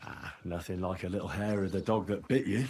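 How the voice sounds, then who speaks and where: A husky, earnest young investigator. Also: male voice, low-pitched, steady tone, a little fast, darkish tone. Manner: earnest, persuasive, dry. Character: young man investigating a girl's murder. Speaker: video game protagonist. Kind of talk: game voice acting.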